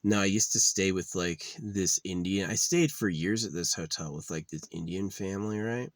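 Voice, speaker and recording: A man's voice: low voice, moderate pace, dry recording. A man on a profane, agitated ranting monologue, often repeating himself. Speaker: vlogger.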